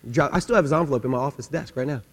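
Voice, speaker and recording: A male pastor preaching a sermon, telling stories and swinging from quiet asides to loud, emphatic questions. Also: mid-range voice, rapid-fire. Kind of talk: sermon with storytelling. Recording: long hall reverb with mains hum.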